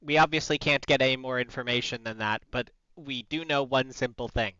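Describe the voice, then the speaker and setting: A man's voice: mid-range voice, brisk, sharp tone, smooth, dry recording. A man playing in a tabletop game, talking bluntly with a wry edge. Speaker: player. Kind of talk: casual tabletop play. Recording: muffled lo-fi mic.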